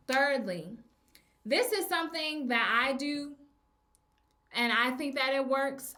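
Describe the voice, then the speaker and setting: A woman's voice: a little high, bright, forceful tone. Chatty woman podcaster in an echoey room. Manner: chatty, speaks slowly and stresses key words, frequent ums. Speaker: podcast host, teacher. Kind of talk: casual advice podcast.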